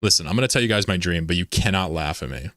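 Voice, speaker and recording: A man's voice: low voice, animated, quick pace, fairly bright tone, no echo, clean studio sound. A man hosting a casual livestream, rambling, laughing often and reading chat messages aloud. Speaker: livestream host.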